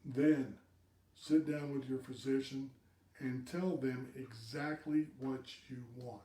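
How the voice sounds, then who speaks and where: A man's voice: medium pitch, steady tone, takes it slowly, mellow, far from the mic. Emphatic man in an echoey room. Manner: emphatic, repeats words for stress. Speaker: host of a live video cast. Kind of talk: direct advice talk to viewers.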